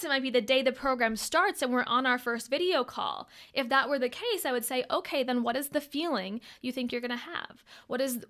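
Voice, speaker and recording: Upbeat, fairly high-voiced woman coach. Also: a bit bright. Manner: upbeat, friendly, speaks straight to listeners. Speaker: host. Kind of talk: live online coaching training.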